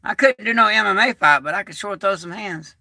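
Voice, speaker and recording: A man's voice: high voice, brisk, creaky, pushed and bright. A middle-aged man hosting a casual livestream, folksy and rambling, still recovering from an illness. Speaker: livestream host.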